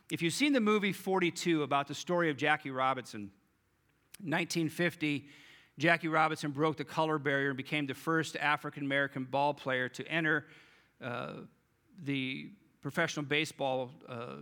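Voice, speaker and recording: A man's voice: a little high, sharp tone. A male pastor giving a conversational sermon and talking directly to his congregation.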